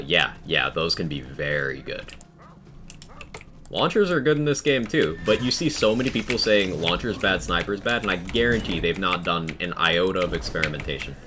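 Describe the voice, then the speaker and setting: A man's voice: low-pitched, bright, forceful tone. A man streaming a video game live, chatting casually and explaining game mechanics to his viewers. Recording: noisy live-stream audio.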